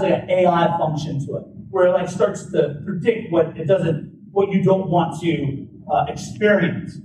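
A man telling a personal story in a talk, informal, with lots of "like" fillers and restarts. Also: high voice. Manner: informal, many "like" fillers and restarts, lively retelling. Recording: roomy, distant mic, faint background noise.

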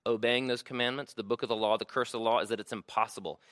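A man's voice: medium pitch, fairly even intonation, fast talker, fairly bright tone, dry recording. A man preaching a sermon to a room, conversational and checking in with "right?" often. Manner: conversational, frequent "right?" tags. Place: room with audience.

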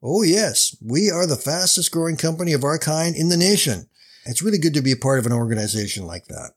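A man's voice: fairly high pitch, lively intonation, fairly quick, voice pushed up. A man voicing a proud, eager young businessman in a told story.

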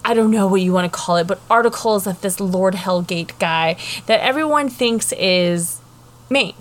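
A woman recaps a novel for her co-host in a loose, chatty style. She swears freely and fills her pauses, and her voice sits mid-range for a woman. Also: mid-range voice. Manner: chatty, profane, lots of fillers. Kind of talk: casual book discussion.

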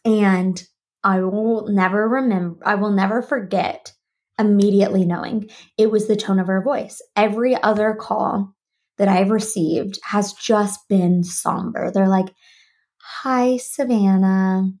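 In an unhurried, medium-pitched voice, a woman hosting her own podcast recounts a personal story. Speaking from her home office desk, she animatedly acts out conversations she remembers.

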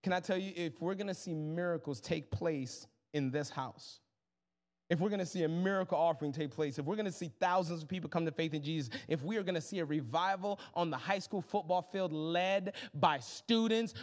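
A young man preaching a sermon as pastor, casual and humorous, calling the crowd y'all and swinging between soft asides and loud exclamations. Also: on the high side, a little fast. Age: young adult.

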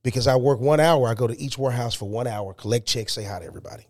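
A man telling his life story as a podcast guest, animated and emphatic. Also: medium pitch, very fast. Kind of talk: storytelling interview.

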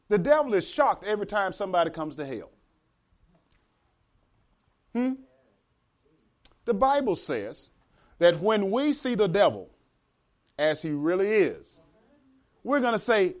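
A man preaching a sermon as pastor, talking to the congregation and acting out the voices of the characters in the story. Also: extremely high pitch.

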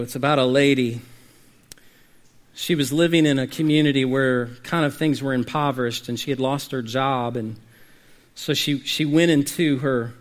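A male preacher delivering a sermon, telling stories with dynamic swings from quiet to shouting. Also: medium pitch. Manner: dynamic storytelling, rising to shouts at climaxes.

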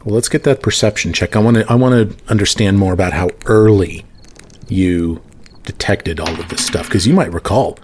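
A man's voice: on the low side, moderate pace, breathy edge. A man narrating as game master of a tabletop game, easygoing, with many fillers.

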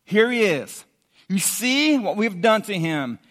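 A bewildered Roman governor pleads and reasons with an angry crowd, as a preacher plays him. The voice sits a bit higher than the man's usual and carries a bright, lively edge in a casual, modern way of talking. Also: slow, exaggerated voice. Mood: pleading.

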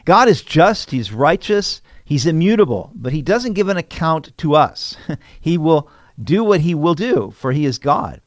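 A male pastor teaching through the Bible in a measured, explanatory way, reading each verse before unpacking it. His voice sits a little high for a man. The recording is dry and close, with no room echo. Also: very animated. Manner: reads scripture then explains it plainly.

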